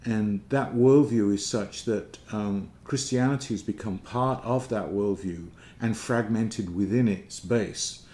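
A man's voice: lowish voice, unhurried, few pauses, warm tone. A man giving an informal theology lecture, thoughtful and searching for words. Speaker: speaker giving a talk on theology. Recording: roomy echo.

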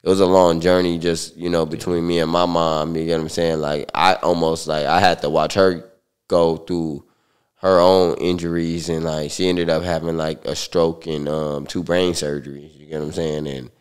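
A man recounting a personal story in a relaxed interview, talking loosely with many fillers. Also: deep voice, normal speed, clean tone. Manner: relaxed, loose, full of fillers like "like" and "you know". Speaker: guest.

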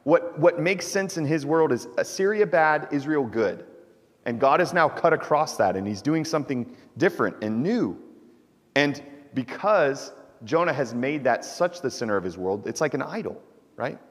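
A man's voice: a little high, lively intonation, moderate pace. A man preaching a sermon as pastor, in an informal, conversational way that often checks in with listeners. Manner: conversational preaching with frequent "right?" asides. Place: church sanctuary. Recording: church hall reverb.

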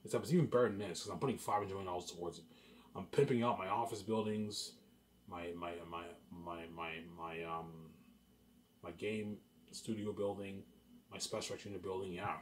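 In a low-sitting voice over a little hiss or hum, a young Canadian vlogger talks casually to his audience. He boasts about his plans, circling back on himself, restarting phrases and drifting into daydreams.

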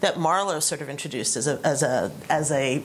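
A woman's voice: low-pitched, a little fast, a loud crowd. A woman speaking as a panelist at a roundtable discussion, talking animatedly and eager to jump in.

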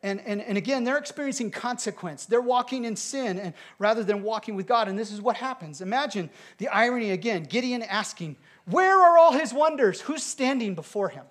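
High-voiced man preaching with emphasis. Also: a little fast, few pauses. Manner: emphatic preaching, rising to loud declarations. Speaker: pastor. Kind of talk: sermon. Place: church sanctuary.

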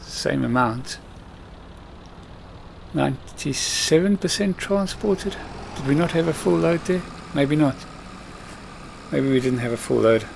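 A man's voice: on the high side, unhurried, gravelly, pauses often, slight background noise. A man giving casual commentary while playing a farming game, chatting to himself and scolding the computer-driven workers. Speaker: let's play host.

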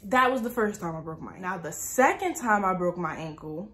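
With a lowish, somewhat bright voice, this animated lifestyle vlogger talks a little fast. She's in her early twenties, from New Jersey, and retells a story casually and dramatically with plenty of "like" fillers.

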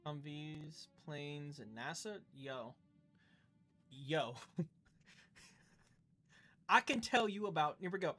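This Southern game streamer in his twenties talks casually to his live audience, playing up mock indignation and deliberately tripping over his words for laughs. His voice is on the high side and sharp, with lively intonation, a measured pace and long pauses, over soft background music.

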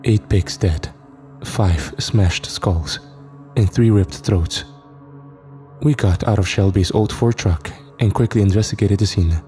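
Deep, dark-voiced man narrating horror. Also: measured pace, soft background music. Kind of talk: scripted horror story narration.

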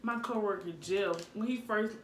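A woman's voice: mid-range voice, moderate pace, reverberant, a little hiss or hum. A woman chatting casually with friends, blunt and full of laughs as she tells stories. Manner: lively, blunt, laughing storyteller. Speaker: co-host. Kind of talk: casual chat among friends.

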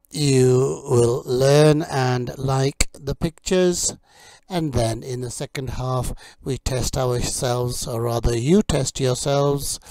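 Guy teaching kitchen words, says each one slow and careful, lots of uhs, warm dark tone. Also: medium pitch, no room sound. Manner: slow, deliberate word drills with many fillers. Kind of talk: vocabulary lesson for learners.

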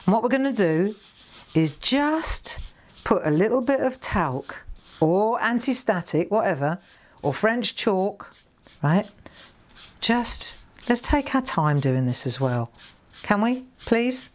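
Chatty woman with a lively voice. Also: medium pitch, slow pace. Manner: chatty, jokey, talks straight to viewers. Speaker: craft shop host demonstrating stamping. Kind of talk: live craft demonstration.

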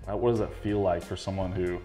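A man hosting an interview, asking admiring, halting questions full of fillers. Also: sits low, little pitch movement, warm tone, long reverb tail, faint music behind. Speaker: interviewer host. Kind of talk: casual interview.

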